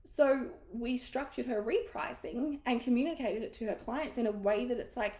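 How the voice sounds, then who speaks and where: A woman's voice: on the high side, normal speed, hardly any pauses, a little mellow, echoey room. A woman coaching business owners in a live masterclass, casual, frank and encouraging, swearing now and then.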